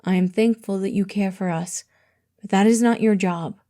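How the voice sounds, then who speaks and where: Casting: a measured, soft-spoken king, read by a woman, mellow and deliberate. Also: mid-range voice, natural voice. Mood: earnest. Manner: calm, formal and deliberate. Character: gentle, earnest young male king, measured and formal.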